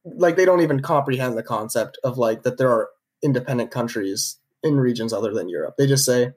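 A man's voice: mid-range voice, fairly quick, darkish tone. A man co-hosting a podcast, telling a history story in a casual, conversational way, with many fillers and restarts. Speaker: podcast co-host narrating history.

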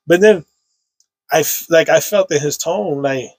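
Gravelly man telling a loose story. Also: fairly high pitch, measured pace, a little mellow, dry recording. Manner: loose, emotional storytelling with slang and fillers. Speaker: podcast guest. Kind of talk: casual conversation. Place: indoor recording room.

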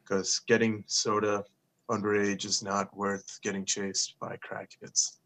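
A man's voice: lowish voice, flat delivery, measured pace, a bit bright. A young man co-hosting a podcast, telling stories in a laid-back way, swearing freely and acting out the quotes. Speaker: podcast co-host. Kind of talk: casual storytelling chat.

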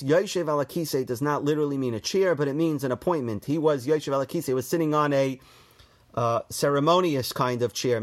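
Man explaining scripture, slightly high voice. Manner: reads Hebrew verses then translates and explains; conversational, with fillers and restarts. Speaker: Torah teacher. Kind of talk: text study class.

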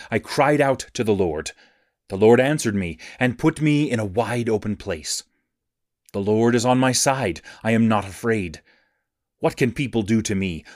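A man reading scripture aloud in a measured, even reading cadence. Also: mid-range voice, no room sound, studio quality. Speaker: scripture reader.

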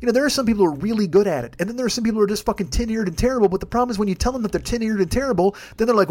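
A podcast host delivers a profane, rambling comedic rant. His voice sits high for a man, and the words tumble out at a rapid clip. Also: darkish tone.

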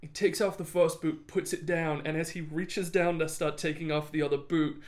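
A man's voice: on the high side, level tone, moderate pace, a little mellow. A man co-hosting a podcast, telling a history story in a casual, jokey way and laughing often.

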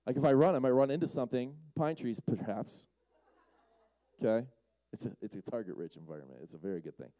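A man's voice: mid-range voice, quick pace, mellow, dry recording, rough recording. A man giving a humorous Bible-story talk as a youth speaker, joking and acting out the scenes in quoted voices.

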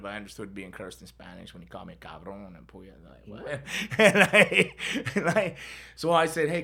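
Middle-aged male podcast host, gravelly and bright, casual storyteller who laughs and acts out other voices. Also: mid-range voice.

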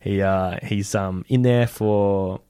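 A man's voice: deep voice, fairly even intonation, takes it slowly, mellow, smooth, no room sound. A young man telling a long story in casual chat, rambling with lots of fillers and laughing often. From Australia. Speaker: storyteller guest.

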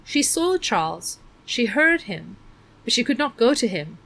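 A woman narrating a children's novel in a measured, expressive reading. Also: a little high, vocal fry. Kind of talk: audiobook narration.

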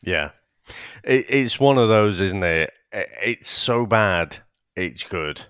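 A man's voice: lowish voice, expressive, slow, fairly bright tone, smooth, dry recording. A man co-hosting a film podcast, reading a synopsis and chatting casually with swearing and chuckles. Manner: laid-back, sweary, chuckling. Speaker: podcast co-host. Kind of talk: casual film review chat.

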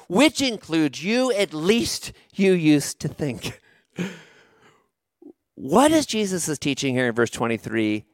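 A man's voice: high voice, dry recording, clean studio sound. A man preaching a sermon, telling a personal story with rhetorical questions and light humor. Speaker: pastor.

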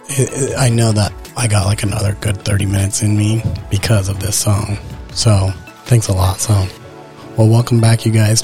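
A man's voice: on the low side, darkish tone. A man in his twenties hosting his own podcast, talking casually and rambling with many fillers while poking fun at himself. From Utah. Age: 20s. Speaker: podcast host. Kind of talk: casual solo podcast talk. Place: indoors at night.

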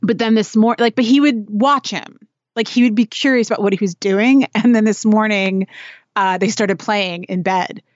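A woman's voice: medium pitch, moderate pace, no room sound. Chatty woman podcast co-host, dull sound. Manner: chatty, animated storyteller with many fillers. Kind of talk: casual chat.

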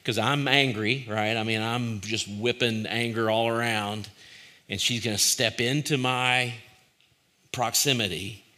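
A man's voice: mid-range voice, fairly even intonation, a little slow, sharp tone. A man, likely a pastor, giving a reflective devotional talk in a conversational, searching way, often restarting his sentences and asking listeners questions directly.

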